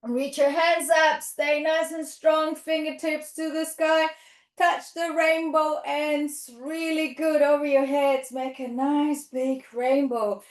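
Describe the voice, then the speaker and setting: A woman's voice: high voice, flat delivery, takes it slowly. A woman leading a toddler yoga class in a sing-song, encouraging way, with playful animal sounds. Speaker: children's yoga teacher. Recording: echoey room.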